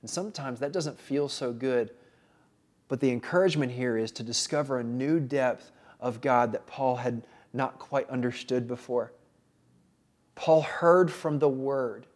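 A man preaching a sermon in an earnest way, often pausing and restarting. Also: medium pitch, a little mellow. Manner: earnest, with frequent pauses and restarts. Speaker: pastor.

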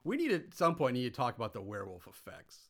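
A man's voice: medium pitch, wildly swooping pitch, fast. A man co-hosting a podcast, chatting casually about a film with blunt, profane jokes about it. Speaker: podcast co-host. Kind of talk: casual movie chat.

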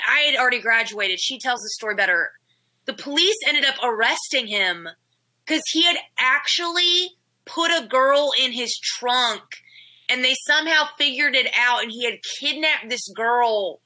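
A woman's voice: sits high, a little slow, sharp tone. A young woman in casual chat, telling a story with many fillers.

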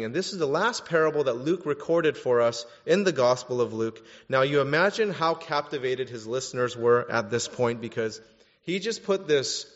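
A male pastor giving a sermon in a conversational, animated style, with casual fillers. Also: medium pitch. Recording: dull audio with long reverb in a hall.

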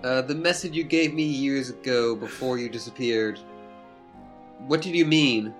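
A dry, sardonic young woman , voiced by a reader, speaking in long, ironic, wordy sentences. Mid-pitched and even, with faint music behind. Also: normal speed, close to an everyday voice. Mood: puzzled.

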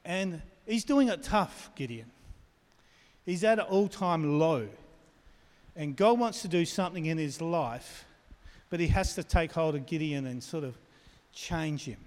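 Male pastor, fairly high voice, conversational sermon, long hall reverb. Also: animated, measured pace, a little mellow. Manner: conversational, asks the congregation questions.

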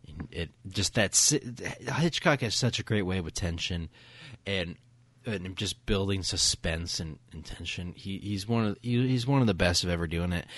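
A man's voice: sits low, animated, normal speed, a bit bright, dry recording. A man co-hosting a casual film podcast, retelling a scene with eager, filler-heavy enthusiasm. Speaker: podcast co-host. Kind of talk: casual film review chat.

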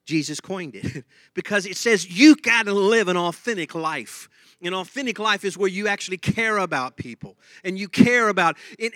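A male pastor preaching with a bright, forceful voice that sits a touch high. His delivery is animated, with quick repeats and bursts of laughter. The sound is dry and close. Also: dry recording. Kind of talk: sermon.

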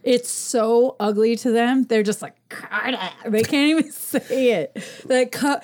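Lively, profane woman telling stories. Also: on the high side, unhurried. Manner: animated, swearing storyteller who acts out voices. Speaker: podcast guest. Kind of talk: casual chat.

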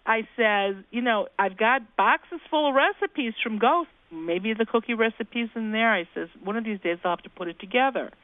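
A woman's voice: fairly high pitch, moderate pace, few pauses, no room sound. Chatty woman on a tinny phone line. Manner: chatty, folksy, acts out quoted voices. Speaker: guest, ghost-talking cookbook author. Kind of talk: anecdotal storytelling in an interview.

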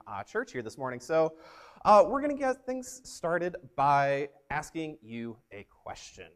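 A young man preaching as a youth pastor, telling stories in an upbeat, energetic way. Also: medium pitch. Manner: upbeat, energetic, animated storyteller. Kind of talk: youth sermon with storytelling.

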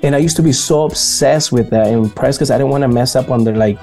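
Animated man with a Bolivian accent. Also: mid-range voice, quick pace, faint music behind. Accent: Bolivian Spanish. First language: Spanish. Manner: animated, slangy, acts out quotes. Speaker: podcast co-host and event host. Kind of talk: casual chat.

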